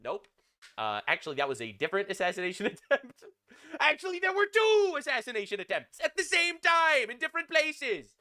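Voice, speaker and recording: Male streamer, high and very bright voice, crude sarcastic news rants. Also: huge pitch swings, brisk. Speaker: live-stream news commentator. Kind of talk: ranting news reaction stream.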